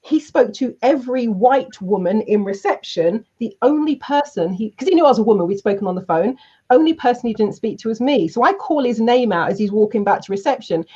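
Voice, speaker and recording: A woman with a fairly high voice tells her story with energy, acting out the voices of the people in it. The recording is dull and lo-fi and has a muffled top end. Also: brisk, slightly rough. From South London, England. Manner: lively, acts out quoted voices. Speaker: guest speaker and trainer. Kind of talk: animated storytelling in an interview.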